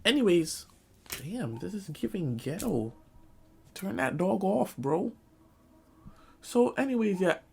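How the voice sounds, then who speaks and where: A man's voice: high voice, sing-song, takes it slowly, vocal fry, long pauses, darkish tone, breathy edge. A young man telling a comic school story in a storytime vlog, acting out quotes. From Jamaican family, Caribbean community. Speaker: vlogger.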